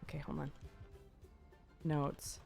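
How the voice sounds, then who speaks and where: A woman's voice: low voice, little pitch movement, slow, gravelly, darkish tone, faint music behind. A woman streaming a roleplay game, talking to her chat in a jittery way, with frequent sighs and rambling self-talk.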